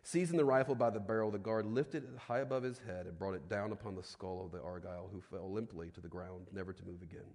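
Preaching man in a reverberant hall. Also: low-pitched. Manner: conversational preaching with frequent tag questions; drops to a hushed, slow voice for solemn points. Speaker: pastor. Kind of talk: sermon.

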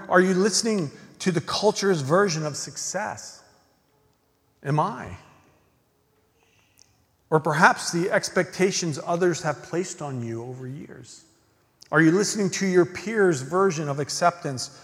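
A man preaching a sermon as pastor, earnest, swinging from emphatic questions to hushed, near-whispered lines. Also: high-pitched, lively intonation, measured pace. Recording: long reverb of a large hall.

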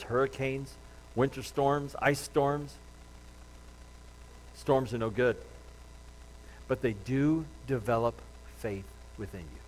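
A male pastor preaching a sermon in a fairly high voice. He is animated, rising to loud pleading and dropping to low, hushed tones, and he breaks off into casual jokes with his congregation. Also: low-quality recording. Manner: casual joking asides to the congregation.

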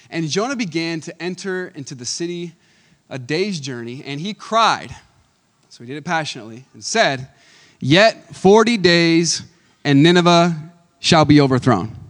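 A man in his thirties preaching a conversational Sunday sermon. He is animated and chuckles often, swinging between loud emphasis and quiet asides. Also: medium pitch. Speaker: pastor.

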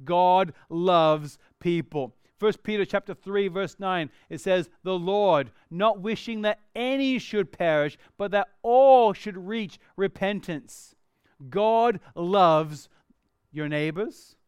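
A male pastor delivers a sermon in a high, ringing voice that stays smooth and clear. He reads scripture with emphatic rises and lively bursts. The sound is dry and close, with no room echo. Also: slow, muffled recording. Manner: expressive preaching, rising to emphatic bursts when reading scripture.

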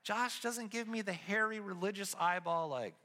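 A man giving a casual, animated sermon as pastor, telling stories with his voice rising as he gets excited. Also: high-pitched, moderate pace, in a large hall.

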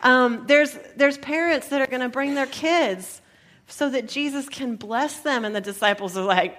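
A woman pastor reading scripture and preaching a sermon, animated and playful as she acts out the disciples in asides. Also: high voice, moderate pace.

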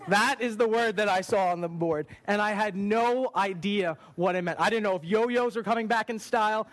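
A young man speaking as a youth pastor, preaching to a church group in a chatty storytelling way with animated quoted dialogue. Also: high-pitched, normal speed. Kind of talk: youth sermon with a personal story. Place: church service.

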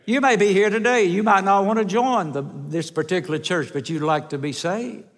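A male traveling evangelist preaching a revival sermon in a church, earnest and storytelling, slowing down for emphasis. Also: sits high, steady tone, fairly bright tone. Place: large church sanctuary. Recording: echoey sanctuary with long reverb.

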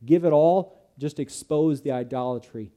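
Dark-voiced male preacher giving a sermon. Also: fairly high pitch, moderate pace. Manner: earnest, emphatic preaching. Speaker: pastor.

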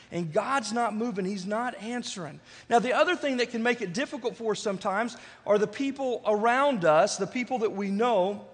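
A man's voice: sits high, slightly rough, in a large hall. A man pastor preaching a conversational sermon to his congregation, repeating phrases and checking in with "right?". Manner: repetitive, rhetorical, conversational preaching with frequent "right?". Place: church sanctuary.

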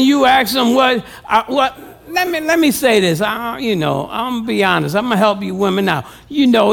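A man's voice: very high voice, vocal fry. A male pastor preaching a sermon with humor, calling out questions to the congregation.

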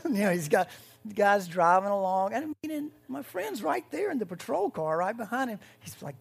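A pastor giving a conversational sermon, swinging between loud, rising bursts and hushed moments. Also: medium pitch, big pitch swings, moderate pace, creaky, breathy edge.

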